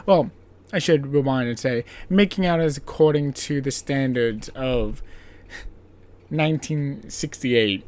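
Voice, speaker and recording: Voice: mid-range voice, a little slow, a little mellow. A podcast host recapping an old film's plot in a casual, rambling way, full of filler words and playful sarcasm. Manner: playfully sarcastic, laughs at own jokes.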